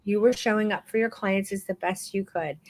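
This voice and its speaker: A woman hosting a live online photography class, talking warmly and encouragingly to her students, calling them "baby" and stretching out words for emphasis. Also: medium pitch, a little fast, dry recording, rough recording. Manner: warm encouraging, calls people baby. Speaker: photography course instructor.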